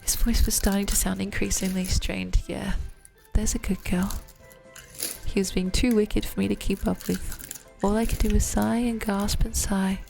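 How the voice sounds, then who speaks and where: A woman reading first-person romance fiction aloud in an even, low-key way. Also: moderate pace, creaky, few pauses, faint music behind. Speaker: reader.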